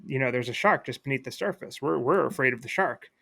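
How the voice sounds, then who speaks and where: Scared story fish read by a man, slow and bright, barely acted. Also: medium pitch, expressive, vocal fry, full character voice. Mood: afraid. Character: frightened fish fleeing a shark.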